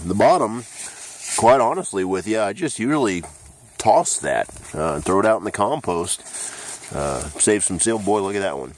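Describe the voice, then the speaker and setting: A deep-voiced man strolls through his garden and chats to the camera. He talks easily and unhurriedly, dotting his sentences with "uh". The sound is dry and close, caught on the camera's own mic outdoors. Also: dry recording. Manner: easygoing, frequent "uh" fillers. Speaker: gardening channel host. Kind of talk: casual garden walkthrough vlog. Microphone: handheld camera mic.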